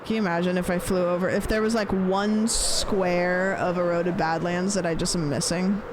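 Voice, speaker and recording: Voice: mid-range voice, level tone, normal speed, noisy background. A streamer chatting casually while gaming, rambling and swearing, playfully repeating phrases with different stress.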